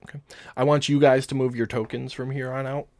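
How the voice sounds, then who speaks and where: A man narrating as game master in a tabletop game, calm and matter-of-fact. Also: medium pitch, brisk.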